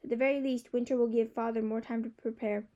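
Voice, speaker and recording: A woman voicing a gentle, soothing youngest brother. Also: fairly high pitch, flat delivery, fast talker, highs cut off, natural voice. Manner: soft, comforting.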